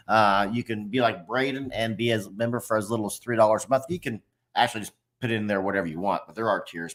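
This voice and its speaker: A man hosting a casual live-stream chat, talking to viewers and reading their comments aloud with plenty of fillers. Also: lowish voice. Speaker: host of a live stream show.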